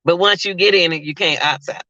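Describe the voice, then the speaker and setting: A woman's voice: fairly low pitch, brisk, pushed and bright, no echo. A woman vlogger, chatting casually to her viewers about a case. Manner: chatty, addresses viewers as y'all. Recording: dull lo-fi sound.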